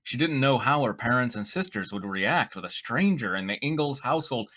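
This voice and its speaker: A man's voice: medium pitch, animated, brisk, fairly bright tone. A man co-hosting, reading fan fiction aloud with wry, mock-dramatic narration. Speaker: reader and co-host.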